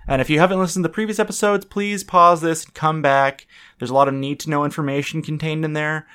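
A man's voice: a little high, steady tone, fast talker, pushed and bright, clear, resonant tone. A young man hosting a casual podcast, who rambles, interrupts himself and laughs often. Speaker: podcast host.

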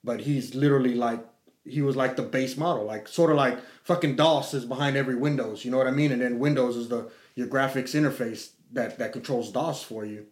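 A middle-aged man telling a story in casual chat, swearing freely and acting out quotes with lively energy. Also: medium pitch, a little fast. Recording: echoey room.

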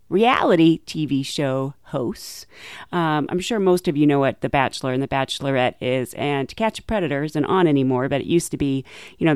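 A young woman flight attendant telling stories in a chatty way, laughing often and acting out quotes in a higher voice. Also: darkish tone, clear, resonant tone, dry recording, studio quality. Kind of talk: casual storytelling monologue.

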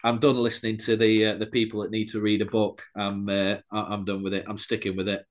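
A man's voice: on the low side, monotone, a little fast. A man hosting a casual sports podcast, rambling through stats and restarting his sentences. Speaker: podcast host.

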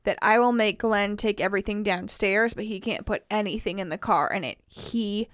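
A woman co-hosting a podcast, talking quickly and animatedly, swearing casually. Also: medium pitch, no room sound, studio quality. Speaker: podcast co-host. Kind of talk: casual chat.

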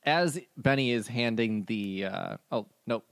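A man's voice: medium pitch, a little slow, gravelly, no room sound. A man narrating a tabletop game as game master, speaking in a loose, hesitant way with many fillers.

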